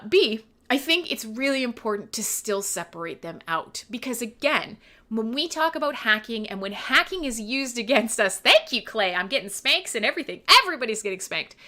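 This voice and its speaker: A woman hosting a live online radio show, chatting casually and telling animated stories while reading viewer comments. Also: fairly high pitch, moderate pace. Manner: rambling, animated storytelling, reads chat aloud. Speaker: livestream radio host. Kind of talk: casual livestream chat.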